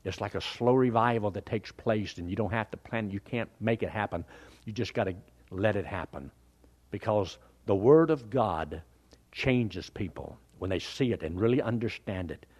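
An older man preaching a sermon in a folksy, animated way. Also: fairly low pitch, normal speed, slightly rough.

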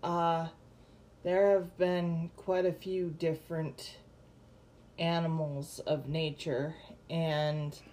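A woman co-hosting a podcast in casual chat, hesitant and filling pauses with "um". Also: sits low, flat delivery, a little mellow, slight background noise. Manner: slow, hesitant, many ums. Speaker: podcast co-host.

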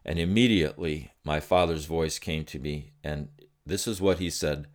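A middle-aged man giving devotional teaching, telling a personal story slowly and earnestly with reflective pauses. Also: rumbling low. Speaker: Christian teacher.

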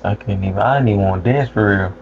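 A man's voice: fairly low pitch, quick pace, creaky. A young man co-hosting a podcast in casual chat, trading laid-back jokes and slang. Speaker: podcast co-host. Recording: muffled lo-fi sound with faint background noise.

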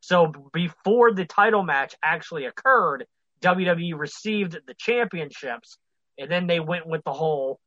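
A man's voice: fairly high pitch, animated, moderate pace, sharp tone, no room sound, lo-fi sound. A man co-hosting a casual podcast about wrestling news, blunt and opinionated, swearing freely.

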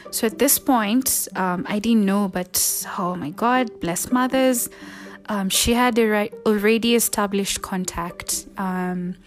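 A woman's voice: mid-range voice, slow pace. Woman telling a personal story. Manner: emotional, rising to loud and falling to hushed asides. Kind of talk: personal story told to viewers.

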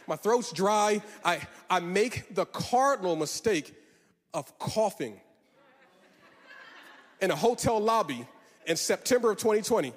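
A male pastor preaching a sermon, rising into a sing-song cadence and drawing out words. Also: high-pitched. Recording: long hall reverb.

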